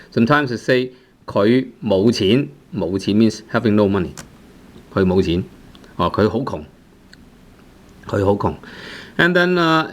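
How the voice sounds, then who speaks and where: Man teaching grammar. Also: mid-range voice. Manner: checks in with "right?" after nearly every phrase, with frequent "uh" restarts. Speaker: language teacher. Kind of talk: explaining grammar to learners.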